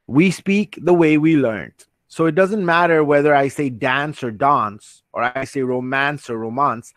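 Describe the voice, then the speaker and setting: A man's voice: mid-range voice, dry recording. A man leading an online training session, earnest and reassuring, who often restarts his sentences and reads out questions from the chat. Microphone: computer mic on a video call.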